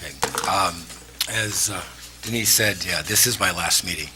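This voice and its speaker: A man presiding over a town council meeting, speaking emotionally with many pauses and fillers as he gives farewell thanks. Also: low voice. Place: town hall council chamber. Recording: noisy meeting room recording.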